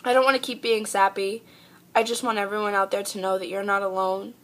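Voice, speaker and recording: A woman's voice: medium pitch, little pitch movement, fairly quick. A young woman talking earnestly and heartfelt in a personal vlog, pleading with her viewers. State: tearful. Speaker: vlogger.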